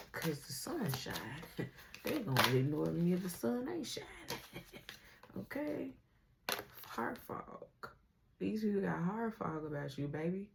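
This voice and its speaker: A woman's voice: fairly low pitch, big pitch swings, measured pace, vocal fry, long pauses, background noise. A woman giving a casual tarot reading to her viewers. She uses slang, laughs often and speaks straight to the viewer. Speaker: tarot reader.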